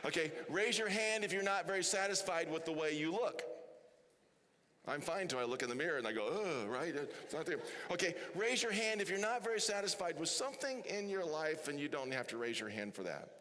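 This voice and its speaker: A man's voice: a little high, animated, brisk, sharp tone, long reverb tail, a little hiss or hum. A man preaching a sermon as pastor, chatty and often asking the congregation questions. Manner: chatty, asks the crowd questions. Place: church hall.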